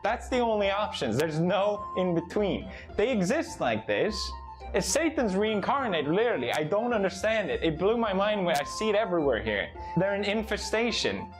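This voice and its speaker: A man's voice: high voice, big pitch swings, moderate pace, faint music behind. A European man delivering a comedic, sarcastic rant full of swearing. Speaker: comedy YouTuber.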